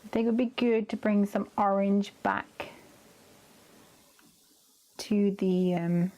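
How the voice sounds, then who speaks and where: A woman from the UK hosting a live crafting stream, talking casually and thinking aloud as she works, now and then trailing off into soft murmurs. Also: mid-range voice, steady tone, slow, lo-fi sound. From United Kingdom. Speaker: crafting livestream host.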